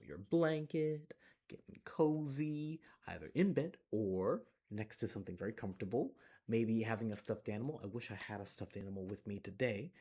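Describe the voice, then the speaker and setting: In a gentle, playful storyteller voice, a man reads a bedtime picture book aloud to children. His voice is low and husky, and it was recorded on a phone in a closed library.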